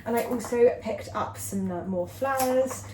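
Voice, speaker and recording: A woman's voice: a little high, measured pace, a little mellow, slight background noise. A young woman, chatting casually to her camera in a rambling vlog, full of ums and little laughs. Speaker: vlogger. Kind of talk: casual chat. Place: home. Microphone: handheld camera.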